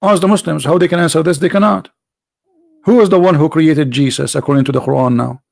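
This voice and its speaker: Hoarse, gravelly man taunting rivals. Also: on the high side, steady tone, quick pace, a little mellow, dry recording. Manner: mocking, taunting, full of rhetorical questions. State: hoarse, losing his voice. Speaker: host of a live online debate stream. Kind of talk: combative religious polemic commentary.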